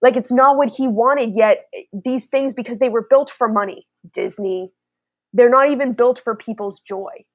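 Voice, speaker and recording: A young woman with a fairly high voice rants bluntly through a casual spiritual chat, swearing freely and slipping into mocking impressions. Her voice is close and dry, with no room sound. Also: moderate pace, no room sound. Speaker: host.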